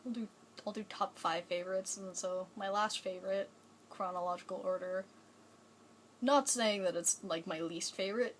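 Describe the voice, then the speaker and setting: A woman's voice: mid-range voice, a little hiss or hum, low-quality recording. A young woman chatting casually in a fan vlog, rambling and enthusiastic, full of fillers and restarts. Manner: gushing, enthusiastic. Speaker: vlogger.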